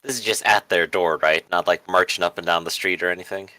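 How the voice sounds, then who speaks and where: A man's voice: sits low, fairly even intonation, fast talker, bright, forceful tone. A man playing a tabletop game, thoughtful and asking questions. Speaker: player. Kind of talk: casual tabletop play.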